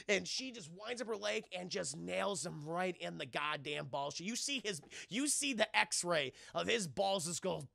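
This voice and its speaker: Brief: male streamer, casual profane recap, very lively intonation. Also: high voice, normal speed, gravelly. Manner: animated, profane, laughing often. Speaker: streamer and film reviewer. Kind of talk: casual scene-by-scene recap to chat.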